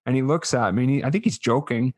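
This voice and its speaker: A man's voice: mid-range voice, fast, darkish tone. Easygoing man telling a story. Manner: easygoing, self-deprecating storyteller. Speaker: podcast guest. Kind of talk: casual chat.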